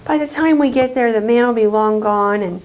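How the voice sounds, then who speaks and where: A woman's voice: on the high side, normal speed, a little mellow, a little hiss or hum, close to an everyday voice, low-quality recording. Woman voicing a glum young boy. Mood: resigned. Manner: resigned.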